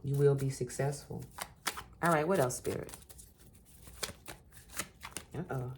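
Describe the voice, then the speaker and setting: A woman's voice: very deep voice, unhurried, long pauses, noisy background. A woman giving an encouraging collective tarot reading, repeating phrases for emphasis and calling the listener baby and honey. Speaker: tarot reader.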